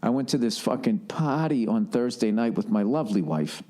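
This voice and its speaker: A man's voice: medium pitch, lively intonation, normal speed, mellow. A man hosting a podcast, telling stories in a rambling, casual comedic monologue with heavy swearing. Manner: rambling, heavy swearing, mock voices for quoted people.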